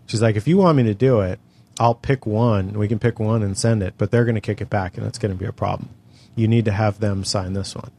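A man's voice: on the low side, fairly quick, dark tone. A middle-aged man from California telling a long story in casual chat, exasperated and full of profanity. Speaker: podcast co-host telling a story.

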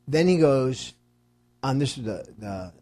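A man's voice: medium pitch, expressive, unhurried, mellow, dry recording. A man in casual chat, animatedly retelling a haggle and quoting both sides. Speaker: storyteller.

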